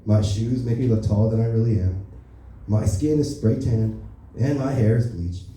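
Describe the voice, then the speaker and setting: A man's voice: on the low side, normal speed, warm tone, a little hiss or hum, natural voice. A man doing a stand-up impression of a boastful, crude older male politician, brash and rambling, at an open mic. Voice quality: brash, rambling, self-important. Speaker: stand-up comedian. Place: comedy club open mic. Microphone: stage microphone. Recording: echoey room from far off.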